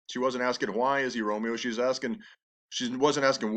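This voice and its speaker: A man teaching a class on a play, explaining the scenes patiently and reading the verse aloud slowly and with feeling. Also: mid-range voice, a bit bright. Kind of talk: lecture with read-aloud passages.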